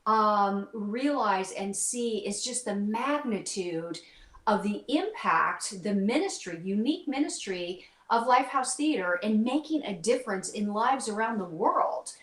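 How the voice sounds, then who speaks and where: A woman's voice: mid-range voice, lively intonation, measured pace, a bit bright. Heartfelt woman guest in an echoey room. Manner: heartfelt and emotional, with hesitations. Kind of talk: casual video call chat.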